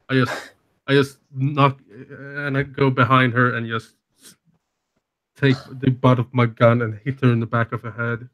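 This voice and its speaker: Flat, blunt man player. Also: mid-range voice, measured pace. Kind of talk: playing his character in a tabletop game. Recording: dull lo-fi sound.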